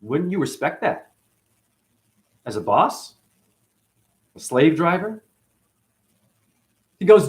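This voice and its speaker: An emotional man tells a personal story about being mistreated at his cleaning job. His pitch swings widely, leaping up when he quotes people and dropping low when he sighs over the hurt. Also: big pitch swings, takes it slowly, pauses often. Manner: emotional, recounting grievances with acted quotes. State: chronic hip pain. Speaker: janitor.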